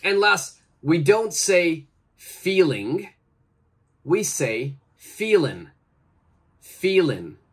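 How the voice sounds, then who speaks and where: Slow, lively-voiced English teacher, a man. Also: sits high, slightly rough. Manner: deliberate, exaggerated pronunciation with encouraging praise. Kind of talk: slow, clear teaching with repeat-after-me drills.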